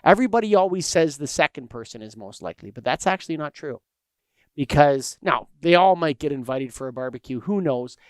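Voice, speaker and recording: Male podcast co-host, animated storyteller, high-ish smooth voice, dry close mic. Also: brisk, no echo. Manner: animated storyteller, acts out anecdotes. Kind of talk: casual chat.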